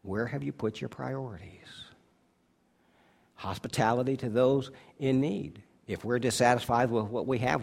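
Male pastor, sermon delivery, loud emphatic peaks and low quiet asides. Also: vocal fry, slightly rough. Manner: stretches key words slowly for emphasis.

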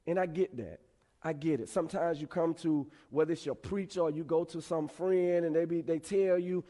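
A male preacher giving a conversational sermon with animated storytelling. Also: on the high side, normal speed, long reverb tail.

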